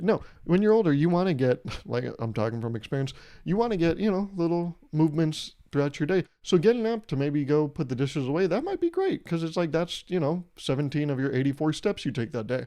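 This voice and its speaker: A young man hosting a solo comedic podcast, rambling and irreverent, swearing freely and breaking into loud mock voices when he quotes people. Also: a little high, lively intonation, a little fast, hardly any pauses. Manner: profane. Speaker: podcast host.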